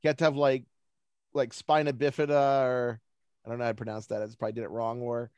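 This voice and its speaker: A man's voice: mid-range voice, level tone, fast talker, a little mellow, clear, resonant tone, dry recording, muffled recording. A man speaking as a guest on a video call, telling rambling, self-deprecating stories in a casual chat. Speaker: guest speaker, baseball forecaster.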